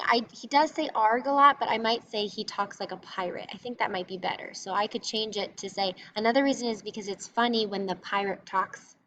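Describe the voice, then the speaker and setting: A woman's voice: medium pitch, a bit bright. A woman teacher giving a recorded lesson, patiently explaining step by step in an encouraging way. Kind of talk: recorded classroom reading lesson. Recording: slightly dull lo-fi recording with faint noise.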